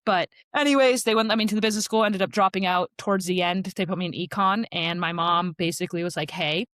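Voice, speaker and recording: A woman in her thirties, a podcast guest telling her story in a casual, chatty way, full of "like" fillers and quick asides. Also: lowish voice, steady tone, a bit bright, no echo, clean studio sound. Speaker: podcast guest, sales rep.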